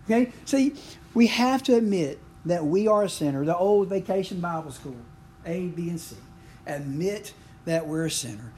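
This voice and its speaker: A man's voice: high voice, expressive, normal speed, darkish tone, a little hiss or hum. A middle-aged man, preaching a conversational sermon full of asides and questions to the congregation. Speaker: pastor.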